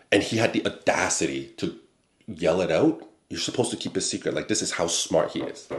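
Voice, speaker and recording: A man hosting a talk show, telling a personal work story in a blunt, animated way, often tagging "okay?" onto his points. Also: deep voice, roomy sound. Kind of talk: casual storytelling monologue.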